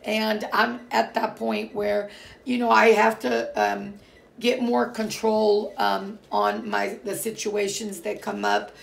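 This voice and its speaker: A woman's voice: medium pitch, flat delivery, slow, gravelly. A middle-aged woman from Portugal chatting casually to her viewers, rambling and emphatic with many fillers and restarts. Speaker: vlogger. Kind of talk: casual personal talk to viewers.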